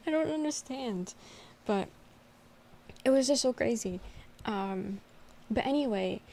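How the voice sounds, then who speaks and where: A young woman chatting live to her stream viewers, telling a story with lots of laughter and energy. Her voice sits a little high for a woman, and she jumps up in pitch when she gets excited. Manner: animated storytelling with frequent laughter. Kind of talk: casual livestream chat.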